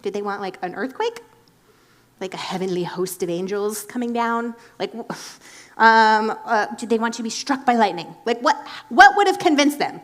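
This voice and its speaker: A woman preaching in a casual, chatty way, animated and filling her talk with "like.". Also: a little high, moderate pace. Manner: chatty and animated, heavy use of "like". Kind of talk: casual sermon.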